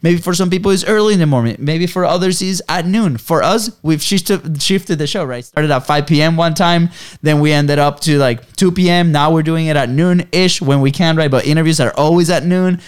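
Chatty man with a slightly higher voice. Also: moderate pace, clear, resonant tone. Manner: chatty, often adds "right?". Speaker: podcast co-host. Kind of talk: casual podcast chat.

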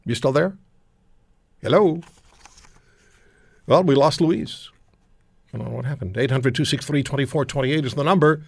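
A man's voice: medium pitch, normal speed, gravelly, long pauses, no room sound. A man hosting a phone-in radio talk show, speaking in an indignant, emphatic, rhetorical way.

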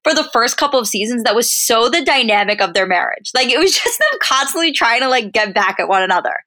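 Brief: young woman co-host, bright, fairly high voice, chatty and upbeat. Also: big pitch swings, fast talker. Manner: chatty, enthusiastic, laughs often. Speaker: podcast co-host. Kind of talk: casual recap chat.

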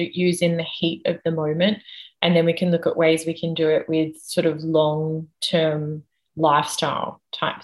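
A woman guest expert speaking in an interview, explaining at a measured, patient pace and working through ideas step by step. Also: on the low side, low-quality recording. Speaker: guest expert on the nervous system.

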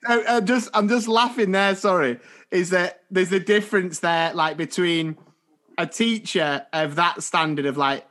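A man's voice: high-pitched, fairly even intonation, measured pace, a bit bright. A British man co-hosting a podcast, playful and teasing in casual chat. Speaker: podcast co-host.

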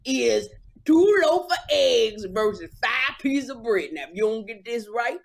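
A woman doing an impression of a loud male game-show host with a put-on Southern country accent, drawn out and bossy. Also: fairly high pitch, big pitch swings, measured pace, vocal fry, exaggerated voice. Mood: hollering.

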